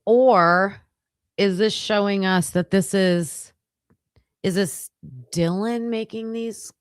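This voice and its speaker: A woman's voice: mid-range voice, slow pace, clean tone, dry recording, clean studio sound. A woman hosting a casual true-crime livestream, reading case documents aloud and thinking aloud as she skims pages, with hesitant restarts.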